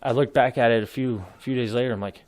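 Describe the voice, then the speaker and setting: A man's voice: medium pitch, fairly even intonation, quick pace, dry recording. Male podcast guest, 30s, rambling and profane, dry close sound. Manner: rambling, laughs while telling stories, swears freely. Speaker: podcast guest, military veteran. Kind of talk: casual storytelling.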